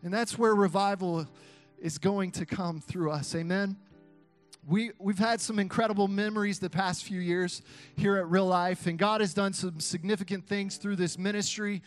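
A young man preaching an energetic sermon to a youth crowd, chanting call-and-response lines and laughing between points. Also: sits high, moderate pace, faint music behind. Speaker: youth pastor.

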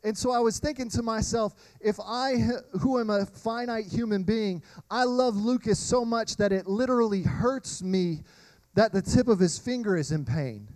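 A man, preaching a sermon and telling animated personal stories to the congregation. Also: sits high, normal speed, dry recording, low-quality recording. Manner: animated storytelling, addresses crowd as y'all. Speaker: pastor.

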